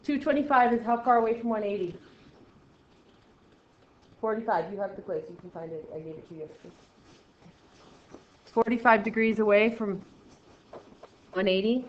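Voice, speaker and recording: A woman teaching a math lesson, brisk and encouraging, talking straight to her students. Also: medium pitch. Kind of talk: classroom lesson. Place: classroom. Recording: muffled roomy classroom recording.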